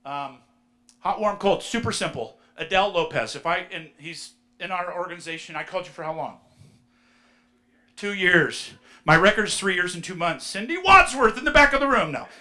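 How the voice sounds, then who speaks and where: Man, conference speaker, high-energy storyteller, fairly high and bright voice. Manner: energetic, storytelling, addresses the audience directly. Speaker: real estate speaker. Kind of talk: live conference talk. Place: conference room with audience.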